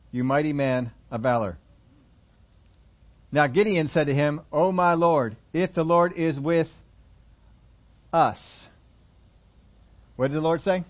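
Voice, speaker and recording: High-voiced man preaching a sermon. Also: highs cut off. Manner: asks the congregation questions and voices doubters. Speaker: pastor. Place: church.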